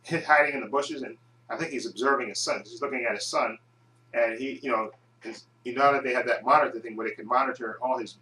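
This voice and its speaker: A man's voice: mid-range voice, bright, forceful tone. Rambling man recapping a show, echoey room. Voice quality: rambling, restarts often, quick bursts. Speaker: video reviewer. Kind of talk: casual episode recap and review.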